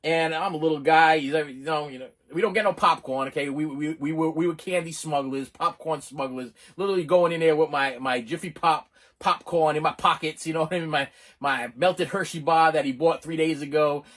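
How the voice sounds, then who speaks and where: Fast, rambling middle-aged man. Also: fairly high pitch. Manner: rambling, animated, lots of restarts. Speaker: channel host. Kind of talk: casual storytelling.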